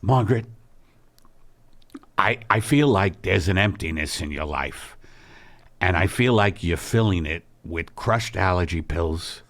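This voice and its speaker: A man's voice: animated, a little slow, pauses often, a bit bright, no echo, full character voice. A man voicing a pompous older husband who lectures his wife, in an improvised comedy sketch. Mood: solemn. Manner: low, droning, lecturing.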